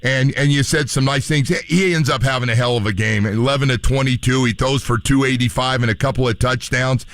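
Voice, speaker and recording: A man's voice: mid-range voice, steady tone, a little fast, few pauses, a bit bright, no echo. A man hosting a radio show, asking long rambling questions full of fillers. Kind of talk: radio interview.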